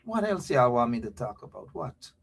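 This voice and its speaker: A man with a Guyanese accent hosting a livestream, ranting in an animated, repetitive, scolding way full of local slang. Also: medium pitch, moderate pace, vocal fry, husky. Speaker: show host.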